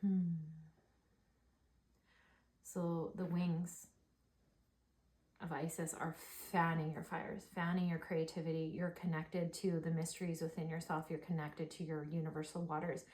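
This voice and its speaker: A woman reads oracle cards in an excited, gushing rush, filling her talk with "like". Her voice sits a little low. The sound is roomy and echoey. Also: measured pace, long pauses. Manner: excited, gushing, heavy use of "like". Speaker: oracle card reader. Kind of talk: spiritual card reading. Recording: echoey room.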